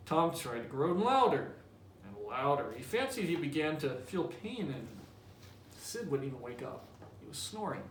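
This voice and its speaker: A male teacher explaining and then reading a novel aloud, in a conversational tone with a slightly high voice. The mic sits well back in a roomy space, with faint hiss behind him. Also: sing-song, normal speed. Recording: echoey room, distant mic, faint hiss.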